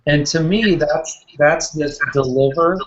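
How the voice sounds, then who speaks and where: A man's voice: a little high, unhurried, lo-fi sound, noisy background. A man coaching real estate agents in a casual question session, talking in a chatty way, repeating words and telling anecdotes. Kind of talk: casual Q&A with a listener.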